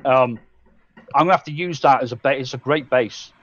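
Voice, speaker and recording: A man's voice: mid-range voice, a little fast, a bit bright. English guy rambling on a live stream, cusses a lot, kinda dull lo-fi sound. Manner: rambling, swears freely, acts out his own thoughts. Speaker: co-host. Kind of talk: casual live-stream chat.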